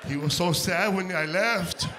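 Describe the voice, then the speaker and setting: A man's voice: high-pitched, measured pace. Man, stand-up comic, mid voice, brash and profane, stage mic with audible crowd noise. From Mexico. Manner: loud, profane, acts out barks and quotes. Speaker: stand-up comedian. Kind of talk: stand-up set. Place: comedy stage before a live audience.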